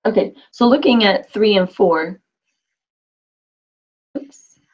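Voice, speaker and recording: A woman teaching a Spanish class, reading phrases slowly and translating them with patient explanations. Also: medium pitch, expressive. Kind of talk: classroom instruction. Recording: dull lo-fi classroom recording.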